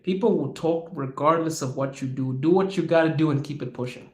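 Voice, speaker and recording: A man hosting his own podcast, answering viewer questions in a casual, animated way and acting out the people he quotes. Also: on the high side, normal speed, reverberant. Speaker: podcast host. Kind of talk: casual Q&A monologue. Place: lives in Russia.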